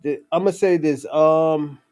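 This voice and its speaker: A young man talks in a loose, rambling monologue about his movie. His voice sits a bit high, and he keeps breaking into laughs, restarting his sentences and swearing casually. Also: steady tone, measured pace, darkish tone.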